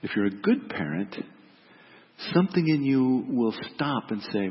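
A middle-aged man, a pastor, giving a reflective, gentle sermon and dropping softly on key words. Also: medium pitch, very animated, a little slow. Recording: dull reverberant hall recording.

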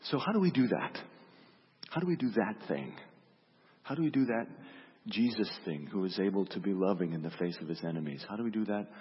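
A man with a fairly low, husky voice delivers a reflective sermon, telling stories and circling back to his questions. His voice rings with a long reverb in a large church room, and the sound is dull, like a lo-fi recording. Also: animated, brisk. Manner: reflective, storytelling, repeats questions. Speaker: pastor.

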